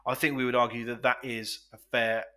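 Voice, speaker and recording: A man with a bright, forceful voice argues his case in a playful mock trial. His delivery is pompous and theatrical, like a barrister grilling a witness. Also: mid-range voice, little pitch movement, a little fast, smooth. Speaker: podcast co-host defending himself in a mock court. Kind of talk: mock courtroom banter.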